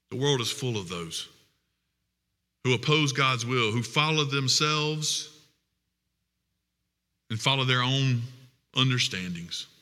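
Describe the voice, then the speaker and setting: A male pastor preaches with earnest weight, stretching key phrases for emphasis. His voice is sharply bright and forceful, set at an ordinary pitch. It rings out through an echoey sanctuary with a long tail of reverb. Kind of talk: sermon.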